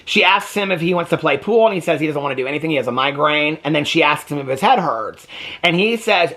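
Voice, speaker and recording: A man casually recapping a reality TV episode for his vlog, chatty and animated, acting out the quoted lines as he goes. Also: a little high, fast talker. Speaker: TV reaction vlogger.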